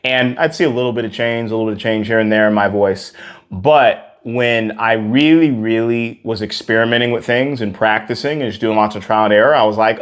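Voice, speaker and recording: A young man coaches singers through a warm-up in an earnest, encouraging way. He repeats key words for emphasis. A piano sits in the background. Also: on the low side, fairly quick. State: out of breath after exercises. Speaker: vocal coach. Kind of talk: singing lesson with demonstrations.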